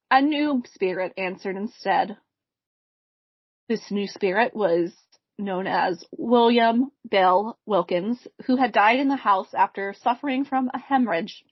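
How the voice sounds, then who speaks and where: A woman with a somewhat high voice tells a ghost story to friends on a podcast. She reads it in a measured, casual way. The sound is dry and slightly dull. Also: dry recording. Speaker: podcast co-host telling a spooky case.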